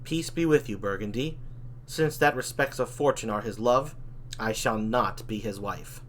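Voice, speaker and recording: Man reading a proud honest young princess, quiet verse, faint noise behind. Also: fairly low pitch, normal speed, close to an everyday voice. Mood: steady.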